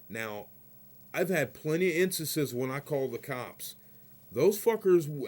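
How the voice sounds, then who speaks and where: Male vlogger, mid-pitched, profane and rambling, heated storytelling rant. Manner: peppers talk with "you know what I mean". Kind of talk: ranting vlog storytelling.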